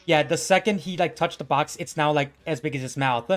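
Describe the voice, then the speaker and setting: High-voiced man narrating a tabletop game. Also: fairly quick. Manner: rambling, filler-heavy narration with bursts of laughter. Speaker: game master.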